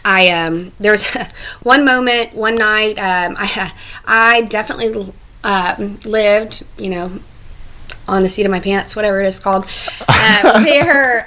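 A woman's voice: medium pitch, unhurried, pushed and bright, slight background noise, poor audio. Chatty American woman telling stories. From United States. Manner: chatty storyteller, laughs often, many fillers. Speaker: guest. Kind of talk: casual conversation.

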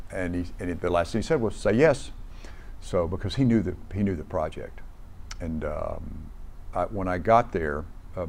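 Low-voiced man rambling through a story. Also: darkish tone, a little hiss or hum. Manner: rambling with many restarts and fillers. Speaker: actor. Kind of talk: casual anecdote.

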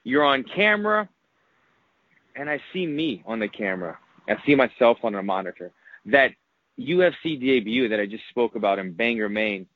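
A man's voice: fairly low pitch, expressive, brisk, dry recording. A retired fighter telling an emotional story in a casual interview, rambling and repeating words as he goes. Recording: muffled lo-fi audio.

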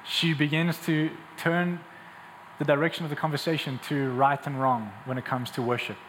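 A man's voice: on the high side, little pitch movement, normal speed, a bit bright, a little hiss or hum. A man preaching a sermon, retelling scripture with acted-out dialogue. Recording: long hall reverb, faint ambience.

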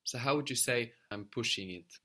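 A man's voice: medium pitch, moderate pace, sharp tone. A man teaching a spoken language lesson, patiently explaining step by step and prompting his learner.

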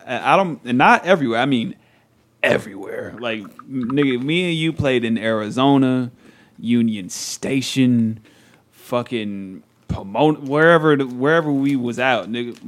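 A man's voice: medium pitch, moderate pace. A young man, telling loose, profane stories in a casual podcast chat. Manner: loose, profane storytelling with laughs.

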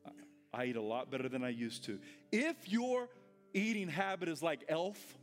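High-voiced pastor guy preaching in church, calls and responses, gets shouty, some music behind. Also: big pitch swings, moderate pace. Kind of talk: sermon.

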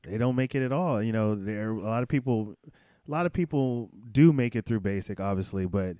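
A man's voice: lowish voice, moderate pace, dark tone, dry recording. A man who is a former Army drill instructor, telling stories bluntly and profanely in a casual interview.

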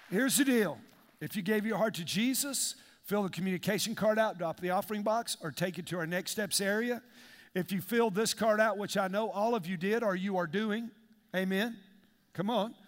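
A man preaching a fervent, conversational sermon and repeating phrases as a pastor. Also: high voice. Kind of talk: sermon with altar call. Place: large church auditorium. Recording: long reverb of a big hall.

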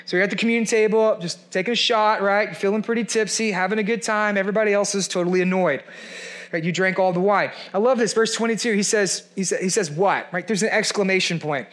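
A male pastor preaching a conversational sermon, animated and playfully sarcastic, acting out voices as he goes. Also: high-pitched, fast.

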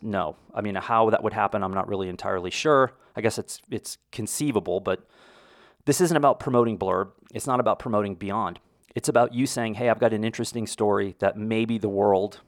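A man's voice: fairly low pitch, dry recording, clean studio sound. A middle-aged American man hosting a podcast, talking casually and rambling a little, with restarts. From United States. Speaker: podcast host. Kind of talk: casual monologue.

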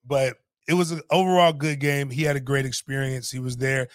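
A middle-aged man, telling a story in animated, profane casual talk on a podcast. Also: medium pitch, fairly quick, clear, resonant tone, no room sound, clean studio sound.

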